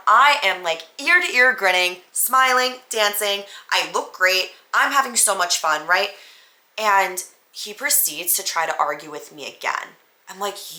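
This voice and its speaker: A young woman tells a story on her podcast, loose and chatty, with "like" dropped into nearly every sentence. She acts out both sides of the exchange as she goes. Her voice is bright and forward, recorded in a roomy space. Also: fairly low pitch. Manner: frequent "like" fillers. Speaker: podcast host. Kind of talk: casual storytelling monologue.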